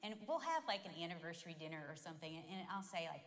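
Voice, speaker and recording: A woman's voice: fairly low pitch, sing-song, racing. Candid woman co-speaking in a church. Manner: candid, playful, chimes in with stories. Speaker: pastor's wife and co-speaker. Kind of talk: sermon with personal stories. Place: church auditorium. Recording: long hall reverb in church.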